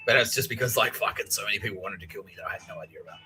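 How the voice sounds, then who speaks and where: A man's voice: on the low side, racing, pushed and bright, faint music behind, poor audio. A man with an Australian accent hosting a rambling, profane solo podcast monologue about conspiracies, often acting out other people's lines. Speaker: podcast host.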